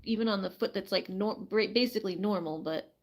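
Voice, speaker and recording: A woman chatting casually on a live stream, full of fillers, cooing softly to her hen while she tends it. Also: mid-range voice, a little fast. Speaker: streamer caring for her animals.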